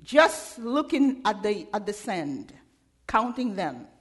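A woman preacher voicing a despairing man who weeps and begs, in slow, heavy, pleading phrases. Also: mid-range voice, very animated, voice pushed down. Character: despairing man weeping and begging.

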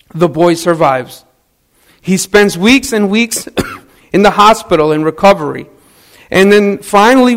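A man with a notably high-pitched voice delivers a sermon. He tells it like a story, loose and conversational, tossing questions to the congregation and correcting himself mid-sentence. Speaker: preacher.

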